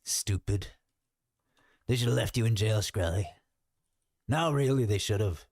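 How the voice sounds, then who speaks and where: A man putting on the voice of a boastful older male president, bragging and mocking in a drawn-out way. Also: on the low side, darkish tone, no echo, clean studio sound. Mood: boastful scornful.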